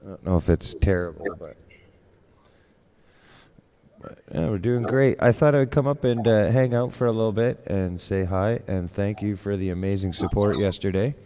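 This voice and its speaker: A man with a very low, deep voice, chatting casually on a live stream. He rambles and restarts his sentences, padding them with fillers. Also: normal speed, dark tone, a little hiss or hum. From Canada. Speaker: guest streamer. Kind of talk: casual chat.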